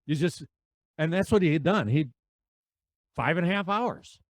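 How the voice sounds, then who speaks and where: A man in his fifties telling road stories as a podcast guest, animated and acting out the dialogue. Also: fairly high pitch, moderate pace, no echo. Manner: animated storyteller who acts out dialogue. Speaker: podcast guest, veterans' charity rider. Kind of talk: conversational storytelling.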